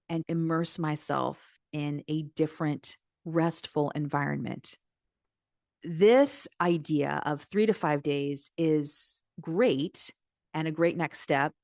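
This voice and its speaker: A woman's voice: low-pitched, a little mellow, no echo, studio quality. A middle-aged woman hosting a solo podcast, talking straight to the listener in an earnest, encouraging way. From United States. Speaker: podcast host and Christian mindset coach.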